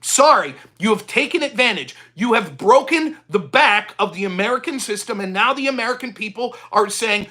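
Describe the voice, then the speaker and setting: A male talk show host rants alone into the mic in an angry, confrontational way. He curses freely and keeps turning on his listener. His voice stays bright and sharp the whole way through. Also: high voice, animated, moderate pace, hardly any pauses. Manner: talks straight at the listener. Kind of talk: solo ranting commentary.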